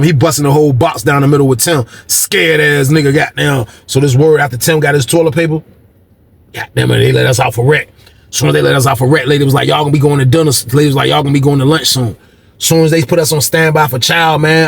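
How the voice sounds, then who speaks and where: Fast-talking, gravelly man telling a story. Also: on the high side. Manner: animated, profane, acts out dialogue. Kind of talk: casual storytelling.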